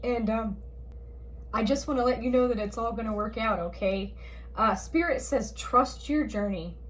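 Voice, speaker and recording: Woman, spiritual card reader, soft reassuring delivery, a touch high. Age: adult parent of a school-age child. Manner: gentle, reassuring, slow, grows tearful and emotional. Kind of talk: spiritual card reading to camera.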